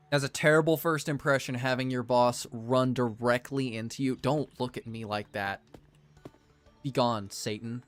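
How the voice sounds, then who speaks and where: A man's voice: mid-range voice, fairly even intonation, normal speed, fairly bright tone, soft background music. Jokey young man narrating gameplay. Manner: jokey, self-deprecating, theatrical outbursts. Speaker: gaming video creator. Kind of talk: casual let's-play commentary.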